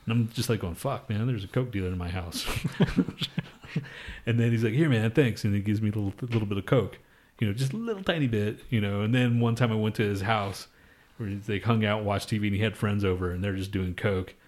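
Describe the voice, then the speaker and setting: A man's voice: lowish voice, a little fast, darkish tone. A young man co-hosting a podcast, telling loose, profane stories in casual chat and laughing often. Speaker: podcast co-host.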